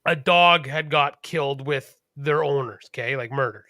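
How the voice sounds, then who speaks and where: A man co-hosting a podcast, chatting casually in a profane, rambling, animated way. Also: mid-range voice, normal speed, no echo, clean studio sound. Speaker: podcast co-host. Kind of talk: casual chat.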